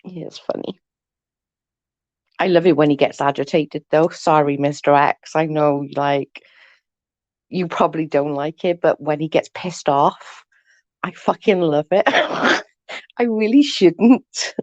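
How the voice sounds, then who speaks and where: A woman with a fairly low voice chats casually with her viewers. She giggles constantly and swears without a second thought. The sound is dry and close, with no room around it. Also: measured pace, pauses often, a little mellow, no echo, muffled recording. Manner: giggly, laughs often, swears freely.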